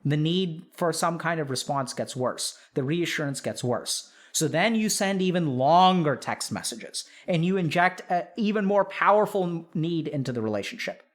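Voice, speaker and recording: A man hosting a stream, calmly explaining to his audience step by step, with frequent "like" and "right?" checks. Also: fairly high pitch, normal speed, hardly any pauses. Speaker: psychiatrist host reviewing reader posts.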